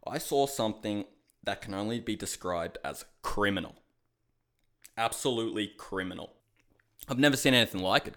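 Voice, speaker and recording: A man giving a casual, profane fight recap monologue, ranting and calling his viewers "guys.". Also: on the low side. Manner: animated, shouts reenacted outbursts. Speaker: MMA commentary host.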